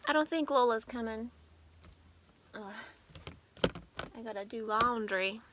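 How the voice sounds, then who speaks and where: A woman's voice: fairly high pitch, measured pace, long pauses, background noise. A woman vlogger gushing in a sing-song baby-talk voice at her pets, welcoming them in. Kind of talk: casual vlog chat.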